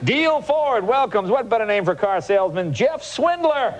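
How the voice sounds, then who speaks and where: A man's voice: sits high, expressive, moderate pace. A man in his forties hosting a late-night show, reading odd newspaper clippings with wry, mock-incredulous asides. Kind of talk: comic monologue reading clippings. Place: television studio with live audience. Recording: loud studio audience laughter.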